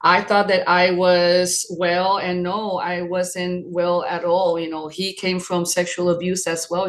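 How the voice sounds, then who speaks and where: Woman about sixty from new york, lowish voice, talks slow and candid about her past. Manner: earnest, reflective, candid. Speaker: guest. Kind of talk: personal testimony in an interview.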